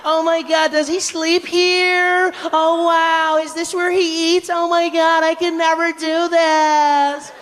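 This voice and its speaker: A man voicing a group of gushing tourists in a shrill, drawn-out squeal, recorded in an echoey hall. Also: monotone, a bit bright, exaggerated voice. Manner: high, breathless, gushing, drawn-out.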